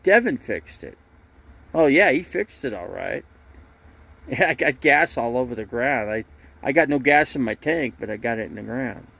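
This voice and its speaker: A man's voice: mid-range voice, expressive, normal speed, creaky, fairly bright tone. A man telling rambling, funny stories in a casual livestream, often laughing, stammering and restarting his sentences. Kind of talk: casual storytelling.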